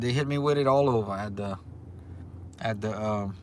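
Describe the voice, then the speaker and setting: A man's voice: fairly low pitch, normal speed, a little mellow, slight background noise. A man from Louisiana with a Cajun accent, chatting casually on a livestream and reading viewer comments aloud in a rambling way. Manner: rambling, chatty, restarts often. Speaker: livestream host. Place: restaurant.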